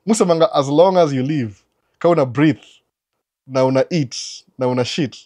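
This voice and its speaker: A man hosting a live Q&A stream, giving animated, lecturing advice and mixing English with Swahili mid-sentence. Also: on the high side, moderate pace. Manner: animated, lecturing, asks rhetorical questions. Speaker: live Q&A host.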